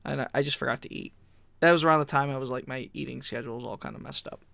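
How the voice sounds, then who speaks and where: A man telling wrestling stories in a casual podcast chat, animated, often laughing, swearing freely and acting out quotes. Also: medium pitch, racing, vocal fry, dry recording. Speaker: podcast guest. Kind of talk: casual storytelling.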